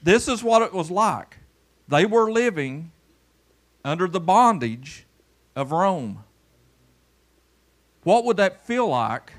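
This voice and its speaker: A pastor preaching a folksy sermon in church, pulling people up front for a demonstration and swinging between loud calls and low murmurs. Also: male voice, big pitch swings, slow, long pauses. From Kentucky.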